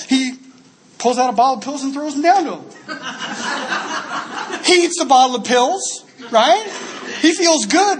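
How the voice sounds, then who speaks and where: High-voiced animated man storytelling. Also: brisk, slight background noise. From Dallas, Texas. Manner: animated storytelling, laughs often. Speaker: AA speaker. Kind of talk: recovery convention talk.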